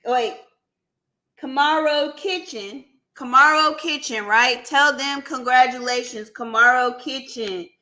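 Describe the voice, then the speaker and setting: A woman hosting a live stream in a casual, chatty way. She keeps talking to her viewers as y'all and breaks into excited shouts and laughs. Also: high voice, measured pace. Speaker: livestream host running a giveaway. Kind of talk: casual livestream chat with viewers. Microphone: computer mic on a live stream.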